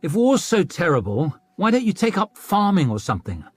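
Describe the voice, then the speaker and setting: A man's voice: high voice, sing-song, brisk, slightly rough, no room sound, faint music behind, pitched above the performer's own voice, full character voice. A man reading an audiobook, voicing an eager young nobleman who talks in a restless, scornful way. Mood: impatient.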